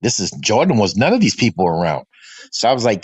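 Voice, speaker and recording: A man in his fifties from the Boston area, hosting a fan livestream and telling stories from his childhood in a lively, animated way. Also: fairly low pitch, quick pace, breathy edge, dry recording, dull audio. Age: 50s. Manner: animated storyteller who acts out his father's voice. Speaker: fan podcast host. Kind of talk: casual storytelling chat. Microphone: remote stream call.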